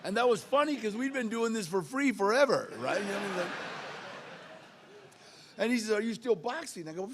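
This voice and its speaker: A man's voice: high-pitched, expressive, a little fast, a little hiss or hum. An older man telling his recovery story at a twelve-step meeting, acting out the dialogue. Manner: streetwise storytelling, acts out dialogue. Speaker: AA speaker.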